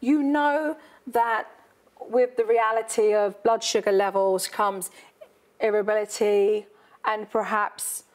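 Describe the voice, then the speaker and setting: Speaking slowly at a medium pitch with fairly even intonation, a woman hosts as a parenting expert in a coaching conversation with parents and kids. She probes directly and often repeats phrases to emphasize them.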